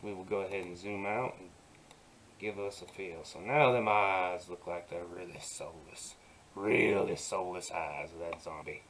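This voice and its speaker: Low-voiced man in a soft folksy drawl. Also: slight background noise. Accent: put-on folksy drawl while working. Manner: soft-spoken, slow and easygoing, talks himself through steps, folksy. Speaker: digital painting instructor. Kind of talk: relaxed screen-recorded painting tutorial.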